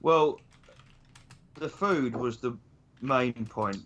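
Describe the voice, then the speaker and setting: Man, mid pitch, meandering chat, muffled lo-fi recording. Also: very slow, fairly bright tone. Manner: rambling, searches for words. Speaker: stream co-host. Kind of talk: casual chat.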